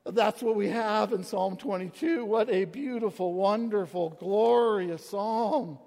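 A man preaching a sermon, quoting scripture with dramatic swings in loudness. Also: high-pitched, measured pace, creaky, long reverb tail. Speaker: pastor.

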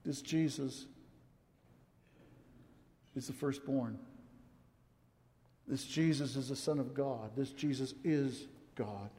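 A man preaches an impassioned, emotional sermon in a church sanctuary, repeating words for emphasis. His mid-range voice is dark in tone, slow, and broken by long pauses, with long reverb from the large hall.

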